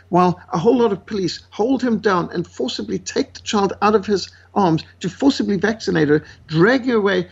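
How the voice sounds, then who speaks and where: A man's voice: sits high, vocal fry, a little mellow, breathy edge, lo-fi sound. A man from Africa, a guest telling stories in an interview in an indignant way, full of fillers. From South Africa. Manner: indignant, acts out quoted voices, many fillers. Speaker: guest, missionary author. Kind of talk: animated storytelling in an interview.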